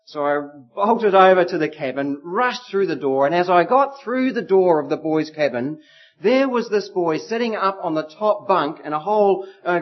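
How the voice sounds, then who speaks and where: A middle-aged man preaching a sermon, telling stories with lively acted voices. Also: high voice. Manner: animated storytelling with acted voices. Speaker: pastor. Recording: slightly muffled lo-fi recording.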